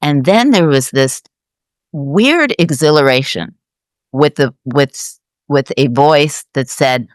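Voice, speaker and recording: A woman host telling a personal story in a reflective, halting way with frequent restarts. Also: low-pitched, lively intonation, dry recording, clean studio sound. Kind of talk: conversational storytelling.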